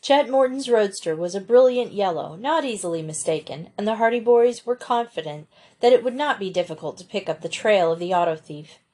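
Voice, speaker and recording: Woman, storybook narrator, measured and clear, mid pitch. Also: lively intonation, mellow. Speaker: audiobook reader.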